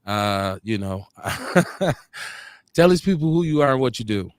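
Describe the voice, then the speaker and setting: A man hosts a live-streamed show in a laid-back, easygoing manner, often repeating his words. His voice is at an average pitch and sounds dry and close, with no room echo. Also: very animated, unhurried. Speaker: podcast host. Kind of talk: casual live-stream hosting. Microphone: video call.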